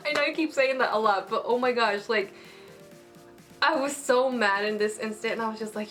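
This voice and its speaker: A woman's voice: a little high, moderate pace, faint music behind. Gushing young woman reviewing an anime. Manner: gushing, excitable, heavy use of "like". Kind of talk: casual excited episode review.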